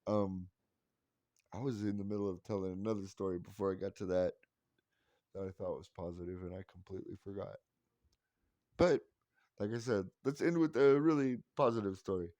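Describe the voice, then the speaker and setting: A man in his forties rambles through casual stories, swearing freely and mocking himself wryly. His voice sits fairly low, and the recording is close and dry. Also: steady tone, brisk, long pauses, a little mellow, no room sound. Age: 40s. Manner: rambling, profane, wry self-mocking. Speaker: vlogger. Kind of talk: casual storytelling monologue.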